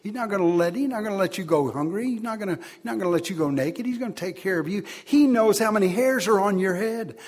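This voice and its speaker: A man preaching a sermon, swinging between loud, emphatic declarations and quiet asides. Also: high voice, expressive, fast, hardly any pauses.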